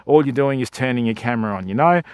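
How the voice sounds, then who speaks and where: A man's voice: medium pitch, fast talker, a little mellow, clear, resonant tone, no room sound, clean studio sound. A middle-aged man with an Australian accent, chatting casually and joking with viewers on a livestream. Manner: laid-back, joking, chatty. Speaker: fishing livestreamer.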